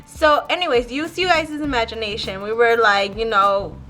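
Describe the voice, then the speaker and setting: A young woman rambles through a story for her vlog, swearing freely and filling every gap with "like". Her voice sits high and sounds bright and sharp, with soft music faintly underneath. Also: normal speed. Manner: rambling, profane, heavy use of "like". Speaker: vlogger.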